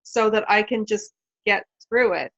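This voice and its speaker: A woman's voice: medium pitch, unhurried, a bit bright, lo-fi sound. A woman in a webclass, thinking aloud and thanking the hosts with enthusiasm over a video call. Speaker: webclass participant. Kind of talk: casual chat.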